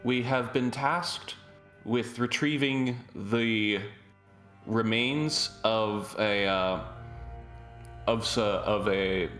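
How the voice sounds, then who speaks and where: A man's voice: fairly low pitch, extremely slow, a bit bright, soft background music. Male player in a roomy echo. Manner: stumbling, restarts often. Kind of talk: casual tabletop play.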